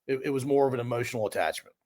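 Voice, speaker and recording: A man's voice: medium pitch, very fast, darkish tone. A male podcast host who sums up and rephrases what his guest has said before asking his next question. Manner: summarizes and rephrases the guest's points. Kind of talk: interview questions.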